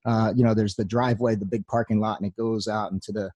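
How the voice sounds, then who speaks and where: A man's voice: lowish voice, flat delivery, fast talker, dark tone, no echo, lo-fi sound. A young man giving a personal testimony talk, telling his story earnestly with wry humor.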